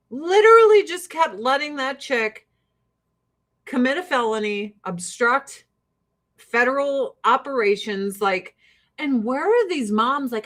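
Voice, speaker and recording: Woman, forties, high pitched, profane, heated, sarcastic, casual livestream rant. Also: fairly bright tone.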